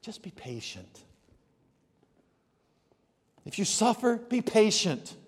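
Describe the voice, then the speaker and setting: A man preaching a sermon, telling stories and moving from hushed asides to loud, emphatic outbursts. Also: high voice, sing-song, takes it slowly, husky, long reverb tail. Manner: storytelling, swings from soft asides to loud exclamations. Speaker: pastor.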